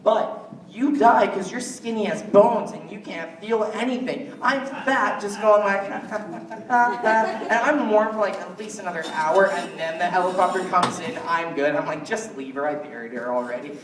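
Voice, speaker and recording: A man's voice: high voice, steady tone, measured pace, distant mic, a crowd in the background. A man doing a stand-up comedy routine, rambling and jokey, often slipping into mock quotes of other people. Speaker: stand-up comic. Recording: echoey room, voice from afar.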